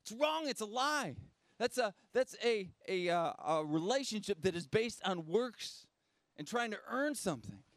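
A male pastor preaching a sermon in a direct, conversational way, repeating key phrases and dropping low and slow for solemn moments. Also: big pitch swings, a bit bright, no echo.

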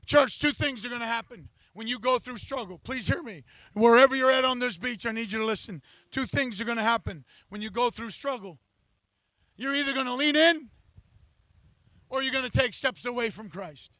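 High, bright-voiced impassioned preacher man. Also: moderate pace, no room sound, soft background music. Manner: impassioned preaching, shouting at peaks. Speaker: pastor. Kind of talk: sermon. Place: outdoor beach service.

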